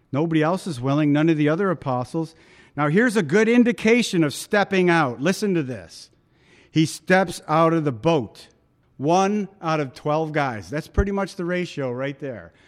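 A man preaching a conversational sermon, acting out quoted voices as he reads and comments on scripture. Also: fairly high pitch. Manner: conversational, dramatic quoting of voices.

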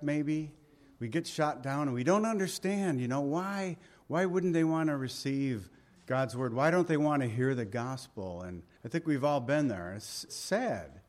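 A man's voice: mid-range voice, a little mellow. A man preaching a sermon and leading prayer as a pastor, in a plainspoken, conversational and earnest way.

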